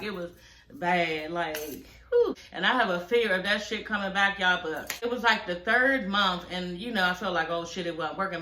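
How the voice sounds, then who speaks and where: A woman's voice: medium pitch, sharp tone, roomy sound, a little hiss or hum. A woman in her forties giving casual reaction commentary, telling a personal story candidly with lots of profanity and asides. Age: 40s. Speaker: reality show commentator.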